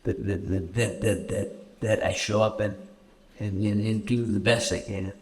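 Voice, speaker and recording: A man from Canada answering audience questions at a festival screening, halting and repeating words often as he tells stories. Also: on the low side, steady tone. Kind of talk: festival Q&A storytelling. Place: festival stage Q&A.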